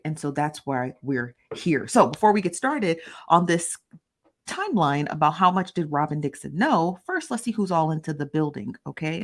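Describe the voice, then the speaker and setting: A woman hosting a casual live stream, chatty and playful, greeting viewers by name and tossing in rhetorical questions. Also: fairly low pitch. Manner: conversational asides and rhetorical questions. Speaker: host of a live gossip stream.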